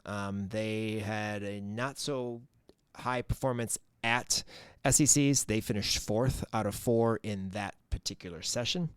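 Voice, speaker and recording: A man's voice: fairly low pitch, measured pace, clear, resonant tone, dry recording, clean studio sound. A man co-hosting a sports podcast in casual chat, rambling with many fillers and restarts. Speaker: podcast co-host.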